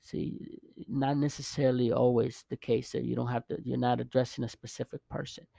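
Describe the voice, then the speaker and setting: Male teacher, casual online lesson; gravelly, dark tone, dry close sound, stop-start delivery. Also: medium pitch, flat delivery, no room sound. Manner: halting, restarts often, checks in with "okay?" and "right?". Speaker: Spanish teacher.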